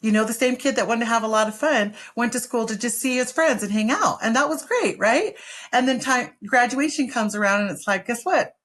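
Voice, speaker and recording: A woman's voice: a little high, fairly quick, a bit bright. A woman co-hosting a podcast about parenting, speaking earnestly and encouragingly and laughing often. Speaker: podcast co-host, mother. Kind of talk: casual chat.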